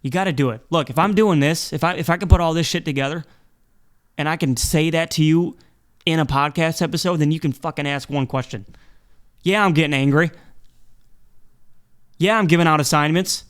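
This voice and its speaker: A man's voice: fairly high pitch, a little fast. A man hosting a solo podcast in a rambling, playful and profane style, often restarting his sentences. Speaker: podcast host. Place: indoor studio set with black background.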